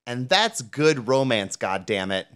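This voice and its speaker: A woman co-hosting a podcast in casual chat, retelling scenes with animated, acted-out quotes and laughter. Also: extremely low pitch, unhurried, smooth. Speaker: podcast co-host.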